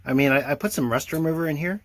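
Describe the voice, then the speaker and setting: A fast-talking older man with a higher, slightly bright voice narrates work on his boat engine from inside a sailboat cabin. As the owner doing the motor refit, he keeps it casual, dry, and self-deprecating, full of fillers.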